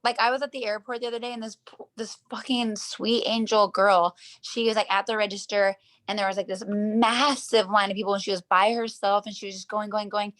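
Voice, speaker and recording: A woman's voice: mid-range voice, level tone, a little fast, hardly any pauses, fairly bright tone. Chatty woman dancer on a video call. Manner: rambling storytelling, heavy use of "like", acts out quotes. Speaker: professional dancer, interview guest. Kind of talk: casual interview chat.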